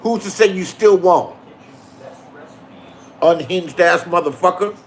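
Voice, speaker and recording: A man's voice: high voice, takes it slowly. A man delivering a profane, confrontational monologue, talking straight at absent rivals and trading in online drama. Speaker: YouTube drama streamer. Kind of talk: heated ranting monologue.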